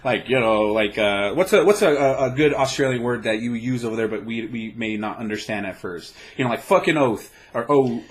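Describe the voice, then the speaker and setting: A man's voice: medium pitch, a little fast, hardly any pauses. A man from the United States co-hosting a casual webcam chat show, rambling and swearing freely. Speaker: co-host. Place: home webcam setup.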